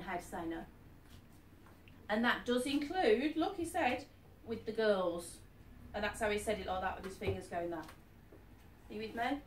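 Lady medium chatting to a crowd, voice jumps all over, roomy and a bit far off. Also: medium pitch. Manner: chatty, keeps asking "are you with me?". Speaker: psychic medium. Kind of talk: live reading to an audience. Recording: echoey room, distant mic, faint noise.

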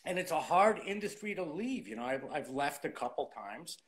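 A man in his fifties tells his story to an interviewer in a casual, animated way. His voice sits fairly high for a man and swoops up and down as he acts out what other people said. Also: normal speed. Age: 50s. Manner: animated storyteller acting out old conversations. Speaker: interview guest.

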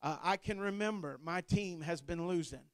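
A man in his thirties from Ohio delivers a sermon in a very high, crisp voice. He moves from loose, rambling storytelling full of restarts to fervent preaching. The sound is close and dry, with no room echo. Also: normal speed. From Ohio, USA. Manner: conversational storytelling with frequent restarts and fillers. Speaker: pastor.

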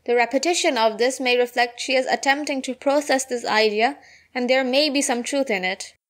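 A woman reading out an analysis of a poem, slowing down for the quoted lines. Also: high-pitched. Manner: reads quoted lines slower and softer. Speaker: poetry analysis narrator. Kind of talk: read-aloud literary analysis.

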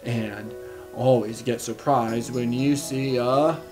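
A woman's voice: extremely low pitch, fairly even intonation, takes it slowly, darkish tone, soft background music. A woman hosting a children's bedtime story show, reading picture books aloud in a playful, encouraging way that invites the listener to join in.

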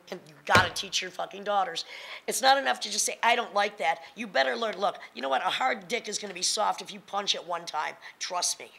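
A woman in her fifties with a gravelly, fry-laden voice and a hard, forceful edge. She talks bluntly and confrontationally, punching her points with profanity as a panelist in front of an audience. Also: medium pitch, rough recording. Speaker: panelist and spoken word performer. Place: lecture hall panel with audience.

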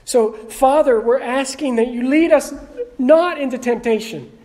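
A man's voice: extremely high pitch, measured pace, a little mellow. A male pastor giving a conversational sermon in a church, calling on people in the pews by name and asking them questions. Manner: conversational, calls on the congregation with questions and jokes. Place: church sanctuary.

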